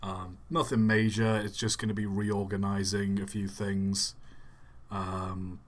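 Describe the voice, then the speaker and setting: A man's voice: on the low side, level tone, unhurried. A man hosting a live stream in a casual, chatty way, reading out viewers' messages and answering them offhandedly.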